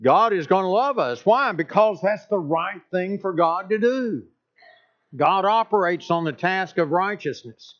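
A man preaching a sermon as pastor, speaking in a deliberate, emphatic way and repeating phrases to drive points home. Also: high voice, animated, highs cut off.

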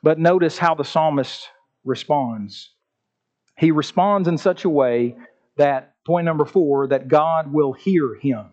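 A man preaches a sermon in a high, ringing voice, stretching out key words for emphasis. The recording sounds dull and lo-fi. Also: a little mellow. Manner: preaching with emphatic, drawn-out phrases and repeated words. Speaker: pastor.

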